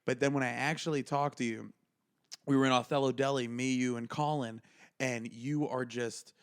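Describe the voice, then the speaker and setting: A man's voice: mid-range voice, moderate pace, clear, resonant tone. A man co-hosting a podcast, telling stories in casual chat and acting out what others said. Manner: animated storyteller, acts out quotes with laughs. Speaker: podcast co-host.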